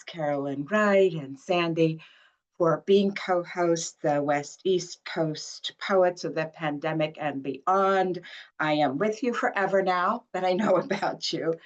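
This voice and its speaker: A woman's voice: fairly low pitch, lo-fi sound. A woman poet introducing her poems at a reading, grateful and laughing between phrases. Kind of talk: poetry reading.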